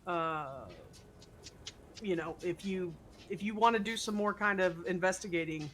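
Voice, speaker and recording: A woman runs a tabletop horror game in a bright, forceful voice. She rambles and restarts often, with plenty of fillers as she narrates. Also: fairly low pitch, unhurried, slight background noise. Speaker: game master.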